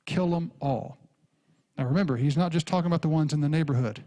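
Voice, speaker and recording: A pastor who preaches a sermon and retells the story in lively fashion, acting out the characters. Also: male voice, on the high side, rapid-fire. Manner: animated storytelling, acts out characters.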